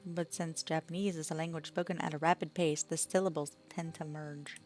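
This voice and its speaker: An Australian woman streams a game, reading each line of on-screen lesson text aloud in a fairly low voice. She breaks off to chat with her partner off to the side, and soft game music plays underneath. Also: steady tone, a little fast.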